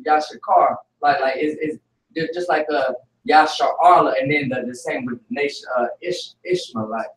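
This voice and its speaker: A man's voice: a little high, moderate pace, a bit bright, slight background noise. A male student in a class who speaks hesitantly, stammering and restarting as he tries to explain a point. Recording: echoey room, far from the mic.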